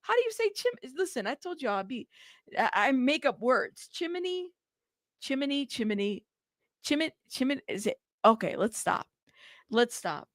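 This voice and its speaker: A chatty woman hosts a casual live news commentary, reading out viewer comments with a playful, laughing manner. Her voice sits a little high and has a gravelly edge. The recording is dry and close. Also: sing-song, moderate pace, a bit bright, no room sound. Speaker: host of a news commentary livestream.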